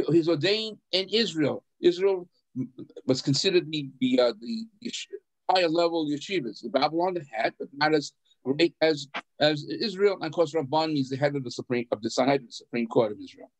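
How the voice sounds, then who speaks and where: A man's voice: a little high, expressive, normal speed, rough recording. A man teaching an adult class, explaining a text, putting questions to the class and chuckling as he goes, often repeating words. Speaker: rabbi teaching adult education. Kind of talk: adult education class on the Passover Haggadah.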